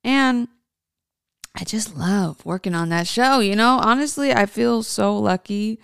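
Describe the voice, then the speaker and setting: A woman's voice: medium pitch, measured pace, gravelly, a bit bright, clean tone, no echo, clean studio sound. A woman hosting her own podcast in a casual, chatty way, speaking informally to listeners as folks. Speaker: podcast host.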